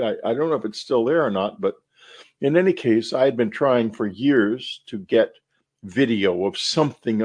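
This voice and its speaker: An older man hosting a show, speaking in an earnest, musing monologue full of rhetorical questions, with a husky voice. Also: medium pitch, darkish tone. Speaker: podcast host. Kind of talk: reflective monologue.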